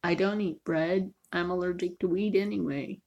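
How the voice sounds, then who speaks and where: A woman's voice: fairly low pitch, steady tone, moderate pace, vocal fry, darkish tone, lo-fi sound. A woman chatting casually in a cooking vlog, joking and often dropping to a near whisper. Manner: chatty, jokey, sometimes drops to a near whisper. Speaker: vlogger.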